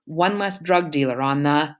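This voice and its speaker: A woman's voice: sits low, moderate pace, close to an everyday voice. A woman reading aloud, voicing a snide, defensive teenage girl with a whiny, raised voice. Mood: dismissive.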